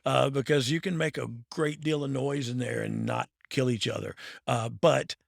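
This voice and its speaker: Gravelly man telling stories. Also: medium pitch, fairly even intonation, normal speed, dry recording, clean studio sound. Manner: laughs often, loose and playful. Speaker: podcast host, former wrestler. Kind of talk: casual storytelling chat.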